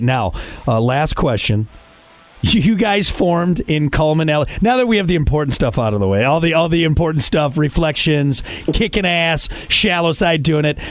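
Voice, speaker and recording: A man's voice: a little high, no room sound. Midwest radio host guy, jokey, keeps repeating himself, dry close sound. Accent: Upper Midwest US. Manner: playful, laughs often, repeats lines for effect. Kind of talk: casual interview.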